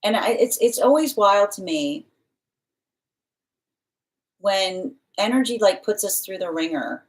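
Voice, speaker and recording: A woman's voice: mid-range voice, expressive, unhurried, rough recording. A woman hosting a live-stream tarot reading, chatty and affectionate, greeting viewers by name and rambling with fillers as she reads the cards. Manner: chatty, warm-hearted, reads comments aloud. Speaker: tarot reader.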